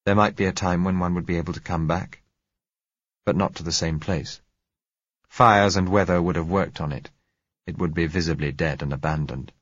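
Male narrator, very low husky voice, measured and somber, dry dull audio. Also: fairly even intonation, a bit bright, no echo. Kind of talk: first-person audiobook narration.

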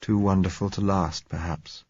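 A man voicing a tender, resigned young man in a storybook reading, speaking gently and coaxingly. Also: low-pitched, moderate pace, breathy edge, no echo. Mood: soft, tender. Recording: slightly dull recording.

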